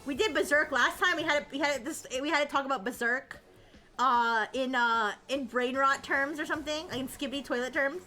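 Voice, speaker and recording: A woman streamer chatting casually and excitedly, giggling often and restarting her sentences. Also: sits high, brisk, faint music behind. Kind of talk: casual live stream chat.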